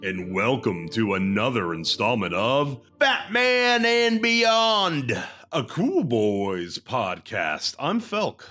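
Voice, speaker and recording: Lively, unhurried male podcast host. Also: medium pitch, faint music behind. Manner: reads episode summaries aloud with a jokey, animated delivery. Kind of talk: casual podcast chat.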